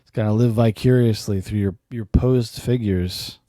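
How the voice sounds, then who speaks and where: A man's voice: on the low side, steady tone, moderate pace, dark tone, no echo, clean studio sound. A man hosting a podcast, giving casual, sardonic reaction commentary with cursing and laughing asides. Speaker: podcast host.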